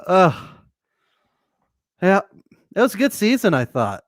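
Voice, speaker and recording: A man's voice: high voice, huge pitch swings, slow pace, dry recording, clean studio sound. A man co-hosting a recap podcast in casual chat, laid-back and joking, laughing often. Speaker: podcast co-host.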